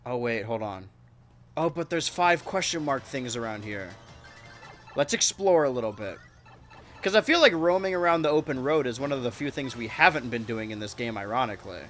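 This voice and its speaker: A man streaming a kart racing game, rambling and joking to his chat with sudden excited yelps. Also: medium pitch. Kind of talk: live-streamed gameplay commentary.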